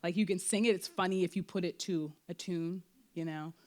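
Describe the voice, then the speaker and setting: A woman speaking candidly at a post-show talkback about her play, full of fillers and quick acted-out bits of her own thoughts. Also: fairly low pitch. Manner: animated, frequent fillers, acts out quoted thoughts. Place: theater before an audience.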